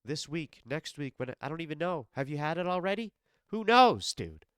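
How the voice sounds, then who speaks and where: Casting note: male podcast host, sick and congested, profane animated rant, smooth clear voice, dry close sound. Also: on the high side, brisk, dry recording. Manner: animated, profane, talks straight to the absent fighter. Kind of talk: casual solo podcast rant. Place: home basement studio.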